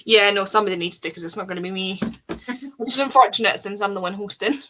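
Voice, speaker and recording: Bright-voiced Scottish woman hosting a chat. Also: mid-range voice. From Scotland. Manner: chatty and self-deprecating, quick laughs. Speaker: host of a reading sprint livestream. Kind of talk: casual chat.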